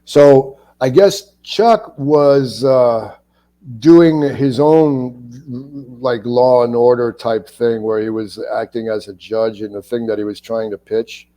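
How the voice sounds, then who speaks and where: A man from Cleveland, an actor guest, telling profane, animated anecdotes in a casual interview. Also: medium pitch, slow, poor audio. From Cleveland, USA.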